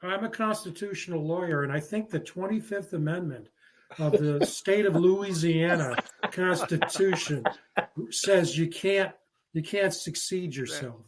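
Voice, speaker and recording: A man hosting a sports talk show, with a slightly high-pitched voice. He talks casually, rambling and joking, stopping often to restart his sentences. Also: a crowd in the background. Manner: rambling, jokey, halting with fillers. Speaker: podcast host.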